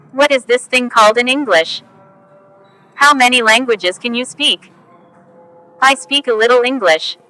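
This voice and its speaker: A woman reading English example phrases one at a time for learners, slow and careful. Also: fairly high pitch, sharp tone, poor audio. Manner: slow, careful, each phrase spoken on its own. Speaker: English teacher.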